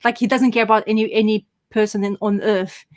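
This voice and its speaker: A woman's voice: medium pitch, level tone, a little fast. A woman chatting casually as a podcast co-host, rambling with enthusiasm and many fillers and restarts. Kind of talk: casual chat.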